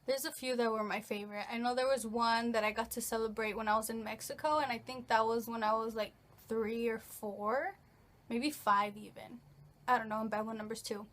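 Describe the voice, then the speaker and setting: A woman's voice: a little high, fairly even intonation, fairly quick, fairly bright tone. A woman of nineteen answering questions in a casual, rambling vlog, full of fillers and restarts. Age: late teens. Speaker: vlogger. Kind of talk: casual get-to-know-me Q&A.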